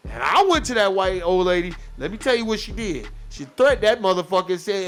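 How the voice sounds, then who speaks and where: High-pitched man ranting, profane and heated. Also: sing-song, brisk, few pauses, a bit bright. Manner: profane, heated, mocks others in quoted voices. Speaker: podcast host. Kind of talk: casual ranting commentary.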